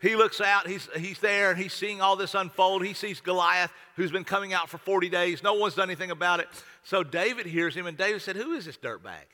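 Folksy preacher with a bright voice. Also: male voice, high-pitched, steady tone, brisk. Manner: folksy, repetitive, stammering restarts. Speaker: pastor. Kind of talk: sermon. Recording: long hall reverb.

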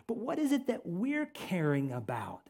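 A male pastor delivering a sermon in a fairly high-pitched voice. He hammers home his points by repeating phrases. He drops from loud, forceful emphasis to quiet, earnest asides. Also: huge pitch swings, normal speed. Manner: emphatic preaching, swinging from loud to hushed.

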